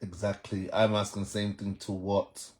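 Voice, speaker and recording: A man's voice: lowish voice, moderate pace. A young man with a Jamaican accent, chatting casually on a live stream and answering viewers by name. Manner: animated, reads out viewer comments and answers them.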